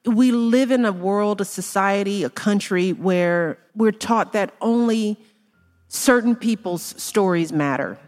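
A woman's voice: medium pitch, unhurried, darkish tone, long reverb tail. A woman in her fifties, a guest author in an on-stage interview, speaking earnestly and reflectively, sometimes mimicking the questions people ask. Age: 50s. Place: stage before a live audience.

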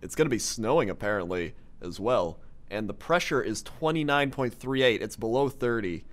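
A man co-hosting a casual comedic show, making goofy deadpan jokes. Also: mid-range voice, moderate pace. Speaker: co-host. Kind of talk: casual comedic podcast chat.

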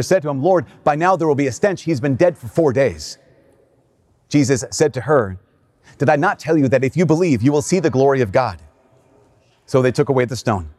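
A priest reading the gospel aloud and then preaching a casual, conversational homily. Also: male voice, mid-range voice, darkish tone. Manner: reads scripture slowly, then talks casually with fillers and laughs. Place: church.

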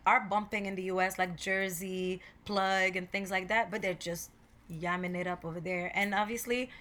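Casting: Montreal woman, Quebecois franglais accent, easygoing slangy podcast guest, average pitch. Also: steady tone, normal speed, bright, forceful tone. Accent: Quebec French-English mix. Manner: slangy, laughing, bilingual code-switching. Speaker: guest musician. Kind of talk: casual podcast interview.

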